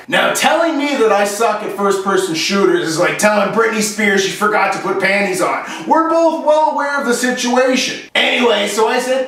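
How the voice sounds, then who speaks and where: Sarcastic high-voiced man, echoey room. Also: a little fast, hardly any pauses. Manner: animated, sarcastic storytelling. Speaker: host of his own show. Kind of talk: comic storytelling vlog. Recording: echoey room, voice heard from a distance.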